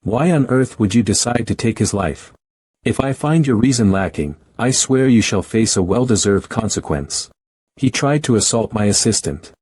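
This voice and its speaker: A man reading a scripted story recap, voicing every character in the same steady, even narration. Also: on the low side, normal speed, slightly rough, dry recording.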